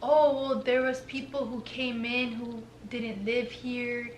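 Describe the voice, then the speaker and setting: A woman's voice: a little high, level tone, takes it slowly, slight background noise. A young woman chiming in on a shared story, hesitant and full of fillers. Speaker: co-host. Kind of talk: casual storytime chat. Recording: echoey room, faint ambience.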